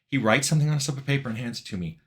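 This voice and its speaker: A middle-aged man casually telling a funny anecdote in a relaxed, wry way, sometimes laughing as he goes. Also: mid-range voice, very fast. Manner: relaxed, wry, laughs at his own story. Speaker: game developer telling a story.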